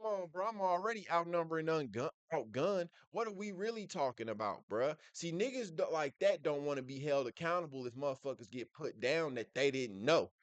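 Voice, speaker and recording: A man's voice: on the high side, animated, brisk, hardly any pauses, dry recording. A man hosting a reaction video, talking in casual, blunt slang full of profanity, with "bruh" after nearly every thought. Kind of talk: casual commentary reacting to a clip.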